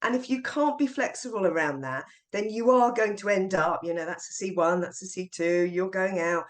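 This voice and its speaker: A middle-aged woman, a teacher trainer, being interviewed on a podcast and telling classroom stories in a lively way. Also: mid-range voice, normal speed. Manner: lively storyteller acting out classroom voices.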